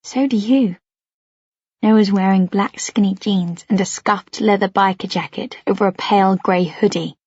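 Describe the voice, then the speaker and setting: A woman reading a first-person story aloud in a soft, measured narration. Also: mid-range voice, steady tone, breathy edge, no room sound, muffled recording. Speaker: audiobook narrator.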